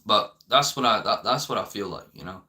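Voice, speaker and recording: A man's voice: on the low side, animated, a little fast, bright, forceful tone. A young man ranting to camera in a rambling, profane way, filling his talk with "you know". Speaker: vlogger. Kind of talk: unscripted rant.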